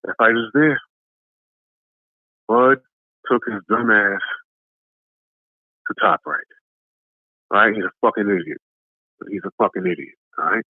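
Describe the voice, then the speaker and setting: A man's voice: lowish voice, measured pace, pauses often, no room sound. A tired man calling in, delivering an aggressive, repetitive, profane trash-talk rant. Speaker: caller. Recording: tinny phone line, dry.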